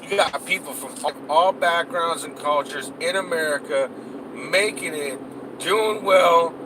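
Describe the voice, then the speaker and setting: Man, slightly high voice, angry cursing rant, road and engine noise behind. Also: a little slow. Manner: heated, cursing, repetitive. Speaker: political vlogger.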